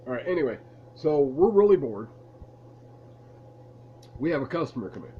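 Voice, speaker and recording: A man's voice: mid-range voice, big pitch swings, normal speed, highs cut off, slight background noise. A man casually telling a rambling, amused story to camera in a room at home. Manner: laid-back, rambling, amused. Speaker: vlogger telling stories from his past. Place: room at home lit by a lamp.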